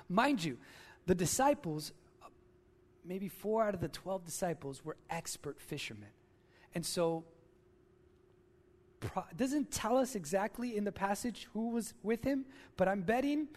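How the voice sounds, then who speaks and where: A man preaching a sermon as a pastor in a church, telling stories in an animated way and acting out the voices. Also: high voice, long reverb tail. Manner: animated storytelling, acts out screams and quotes. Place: church sanctuary.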